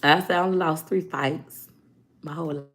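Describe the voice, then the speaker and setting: A woman tells a story in her vlog. Her voice sits on the low side, and she acts out what people said with a lot of energy and humor. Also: fairly quick. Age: adult. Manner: animated storyteller, acting out quotes. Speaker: vlogger.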